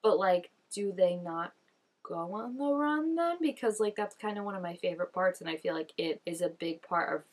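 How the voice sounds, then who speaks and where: A young woman reaction vlogger chats casually as she watches, peppering her talk with "like" and gasping and exclaiming along the way. Her voice is lowish and expressive, at a normal speed.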